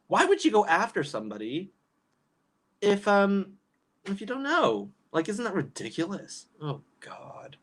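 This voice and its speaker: A woman's voice: mid-range voice, wildly swooping pitch, measured pace. Exasperated woman ranting on livestream. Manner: exasperated, ranting, laughs often. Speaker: livestream commentator reading chat. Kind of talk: casual livestream commentary.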